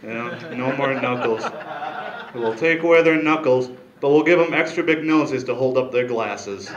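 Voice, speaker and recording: Man, stand-up comedian, middle pitch, rambling deadpan delivery, handheld mic, echoey club room. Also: moderate pace, highs cut off.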